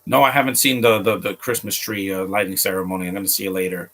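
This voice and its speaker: Man, casual streamer, rambling, talks straight to viewers, lowish pitch, forceful bright tone. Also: little pitch movement, quick pace. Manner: rambling, stumbles and restarts often; chats directly to viewers. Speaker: streamer reacting to a film. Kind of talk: casual live commentary.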